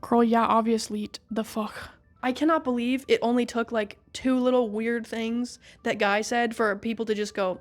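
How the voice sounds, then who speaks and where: Chatty sarcastic woman, higher voice. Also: fairly even intonation, moderate pace, soft background music. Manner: chatty, sarcastic, swears freely. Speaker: video creator recapping a game story. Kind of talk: casual story recap.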